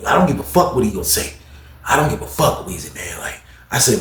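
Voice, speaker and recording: A man's quick-paced, roomy-sounding voice carries a casual, animated story packed with profanity. When quoting other people, he raises his pitch to act out their lines.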